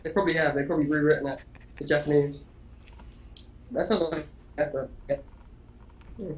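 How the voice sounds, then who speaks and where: A man with a somewhat high voice talks casually about video games on a podcast. He rambles, restarts his sentences and swears in passing. His mic sounds dull and lo-fi. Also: fairly even intonation, a little fast. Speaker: podcast co-host. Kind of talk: casual gaming chat.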